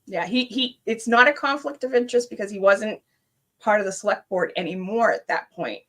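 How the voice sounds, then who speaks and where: A woman, a guest on a live stream, chatting casually and telling a story with lively, acted-out quotes. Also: mid-range voice, brisk. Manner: animated storyteller, acts out her own screams and quotes.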